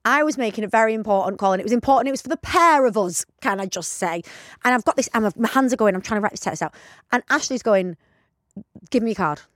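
A young woman, co-hosting a podcast and telling stories with lively, acted-out quotes. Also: a little high, quick pace, no echo, studio quality. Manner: animated storytelling, acts out quotes loudly. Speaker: podcast co-host. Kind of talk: casual chat.

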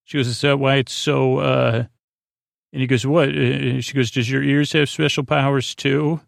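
Flat gravelly man rambling a recap. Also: mid-range voice, moderate pace, no room sound, studio quality. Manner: meandering, many fillers and restarts. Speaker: podcast host. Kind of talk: rambling episode recap for sleep.

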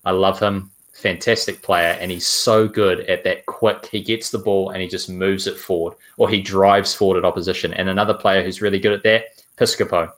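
A man's voice: sits low, fairly even intonation, normal speed, hardly any pauses, a bit bright. A man hosting a casual football fan podcast, enthusiastic and handing questions to his co-hosts. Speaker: podcast host.

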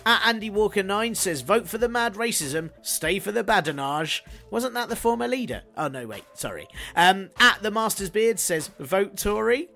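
Male podcast host with a high-ish voice, dry sardonic delivery, faint music behind. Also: lively intonation, normal speed, creaky, few pauses, sharp tone. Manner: sardonic, jokey asides. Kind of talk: scripted solo podcast segment.

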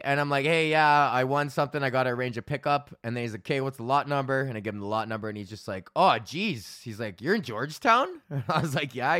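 A podcast host and stand-up comic from Alberta, Canada, tells a long story in a profane, laughing solo rant, acting out both sides of the conversation. His voice is a little high, bright, forceful, clear and resonant, on a clean studio recording with no room sound.

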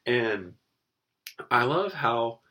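A man co-hosting a casual Bible study podcast, thoughtful and animated, laughing now and then. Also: mid-range voice, very slow. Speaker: podcast co-host.

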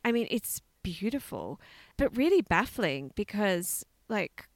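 A woman co-hosting a podcast, chatting casually and telling stories with excitement, laughing often. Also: medium pitch, takes it slowly, dry recording. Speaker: podcast co-host. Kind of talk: casual chat.

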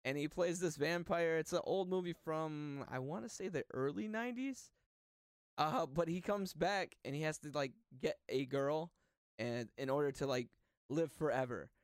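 A man hosting a casual podcast movie quiz, talking in an animated way and laughing often. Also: a little high, smooth, dry recording, studio quality. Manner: laughing, animated, quick asides. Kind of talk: casual chat.

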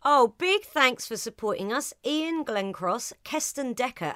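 Comedian lady on a podcast, slow and playful, voice swoops around, dry sound. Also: high voice, animated, fairly bright tone, dry recording. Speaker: guest comedian. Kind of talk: casual podcast chat.

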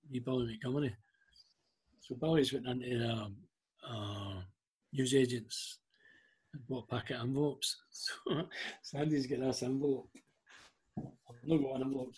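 A man's voice: mid-range voice, normal speed, slightly rough. A middle-aged Scottish man telling a story in casual chat, acting out what people said. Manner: animated anecdotes, acting out quoted voices. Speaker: guest.

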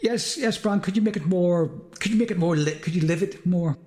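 A man's voice: high-pitched, brisk, a little mellow. A man co-hosting a podcast in easygoing comedic banter. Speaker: podcast co-host. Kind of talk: comedy sketch and casual chat.

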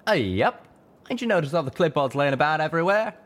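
A man's voice: fairly high pitch, big pitch swings, fast talker, voice pushed up. A man reading an audiobook, voicing a scrappy young stallion pilot who talks in a folksy country style with drawled slang. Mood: eager. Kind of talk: audiobook reading of fan fiction.

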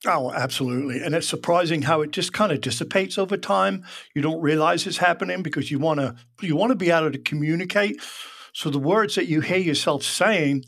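A man's voice: a little high, a little fast, vocal fry, fairly bright tone. A man, guest on a podcast, explaining insurance points conversationally with a dry, wry sense of humor. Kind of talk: conversational interview.

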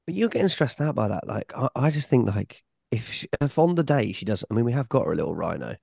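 A man's voice: mid-range voice, fast, creaky, breathy edge, no room sound, studio quality. A man co-hosting a podcast, chatting casually and telling stories animatedly. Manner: animated storyteller, acts out voices. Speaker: podcast co-host. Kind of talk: casual chat.

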